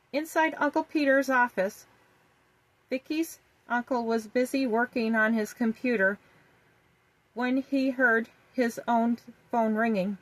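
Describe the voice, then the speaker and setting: A woman reading a children's story aloud in a gentle, even storytelling manner. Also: fairly high pitch, poor audio.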